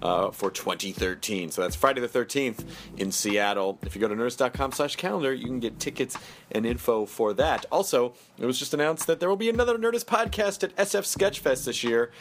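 A man's voice: medium pitch, lively intonation, soft background music. A man in his thirties hosting a podcast, joking around in casual comedic chat. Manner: joking, playful, quick asides. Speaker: podcast host.

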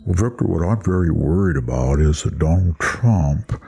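A gravelly-voiced man putting on the voice of a preachy, worried academic who lectures in a slow, condescending drawl. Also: deep voice, lively intonation, dark tone, pitched below the performer's own voice, exaggerated voice. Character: fretful, preachy academic scold lecturing a friend.

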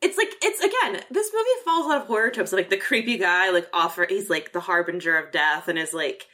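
A woman co-hosting a podcast, chatting casually about a horror film, animated and swearing freely, acting out lines from scenes. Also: lowish voice, fast talker. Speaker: podcast co-host.

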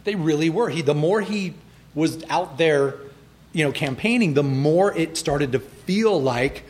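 A guest who co-created an animated series tells stories in a casual conversation, his voice a little high and his pace measured. He's animated, acting out other people's lines in a raised voice.

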